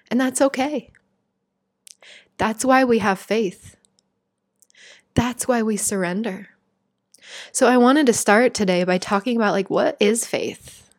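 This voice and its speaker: A woman's voice: medium pitch, unhurried, long pauses, no room sound, clean studio sound. A woman talking earnestly and emotionally through a reflective spiritual monologue, chatty and heartfelt. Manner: earnest, emotional, conversational, many "like"s.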